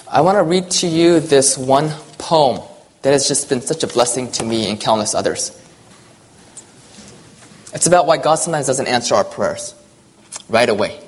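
A man preaching with a fairly high voice, earnest and direct. He repeats his key lines for weight and goes soft and slow whenever he reads a verse or a poem. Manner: earnest, repeats phrases, drops soft for scripture and poems. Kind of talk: sermon.

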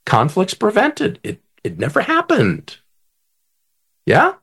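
A male conflict coach talking with a voice that rises and falls widely. He is animated and draws the host in, asking him to finish his sentences. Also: high voice, takes it slowly, husky. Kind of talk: guest in an interview, coaching talk.

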